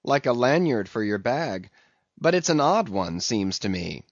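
A man voicing a plain-spoken shipmate with a lively, questioning voice. The storybook reading is dull and dry. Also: mid-range voice, measured pace, no room sound. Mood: doubtful.

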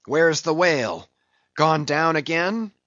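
A man's voice: a little high, lively intonation, slow, a bit bright, no echo, muffled recording. A man voicing an obsessed old sea captain who barks orders in a fierce, declamatory way. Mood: commanding.

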